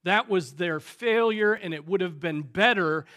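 High-voiced, bright preaching man. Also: a little slow. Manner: emphatic preaching with piled-up phrases and strong swings in loudness. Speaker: pastor. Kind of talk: sermon. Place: church sanctuary.

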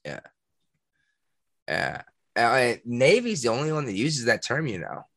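A man with a Massachusetts accent chatting as a podcast co-host. His voice swings widely in pitch, and he jumps high whenever he gets worked up. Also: big pitch swings, a little slow, gravelly, a bit bright, no echo, studio quality. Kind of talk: casual chat.

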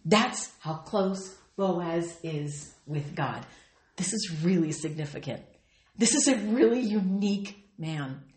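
A woman's voice: medium pitch, echoey room. A woman teaching a Bible study, earnestly reading and explaining scripture with feeling. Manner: earnest and expressive, reads scripture aloud with feeling.

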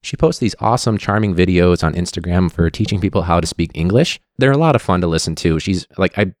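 Deep-voiced Chicago man hosting a chat. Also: fast talker, no echo, studio quality. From United States. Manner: relaxed, rambling, chuckles at himself. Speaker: podcast host. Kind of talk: casual interview chat.

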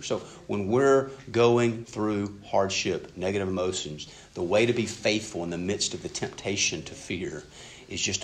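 Earnest, conversational male preacher. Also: on the low side. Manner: earnest, conversational, swings between loud and hushed. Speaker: pastor. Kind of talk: sermon.

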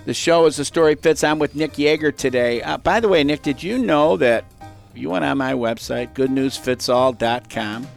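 Gravelly middle-aged male podcast host. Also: medium pitch, moderate pace, faint music behind. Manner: rambling, storytelling, many restarts. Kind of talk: casual interview chat.

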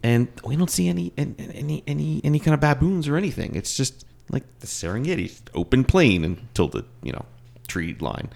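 A man telling a story in casual group chat, animated and profane, laughing often. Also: mid-range voice, fairly quick, vocal fry.

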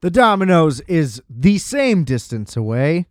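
A man's voice: on the high side, sing-song, measured pace, no echo, studio quality. A man hosting a podcast, ranting in a casual, exasperated and profane way. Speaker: podcast host. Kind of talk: casual solo podcast rant.

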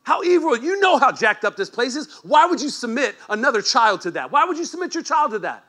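A man preaching a sermon as pastor, animated and joking, moving from quiet asides to shouted emphasis. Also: extremely high pitch, a little fast. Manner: joking, teasing the congregation.

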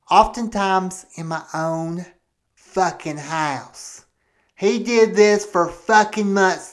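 A jealous, paranoid husband, played by a man, rants with indignation and lets curses fly as he airs his grievances. He talks at an unhurried, dragging pace. Every suspicion comes out sounding like proof. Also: sits high, fairly bright tone, heavily acted. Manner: cursing, ranting, indignant. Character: jealous, profane, paranoid middle-aged husband. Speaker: podcast pastor host. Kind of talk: comedic monologue performed in character.

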